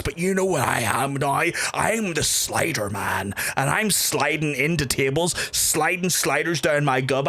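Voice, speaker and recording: A man's voice: a little high, a bit bright. A man with a Northern Irish accent, a streamer telling a rambling, profane, self-mocking story in casual talk while he plays.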